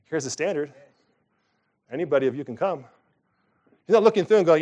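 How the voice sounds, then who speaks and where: A middle-aged male pastor preaching with fervor. His voice sits a little high for a man, and he swings between quiet, measured stretches and loud, pointed outbursts. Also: lo-fi sound. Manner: animated, emphatic preaching with sudden loud rises. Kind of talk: sermon.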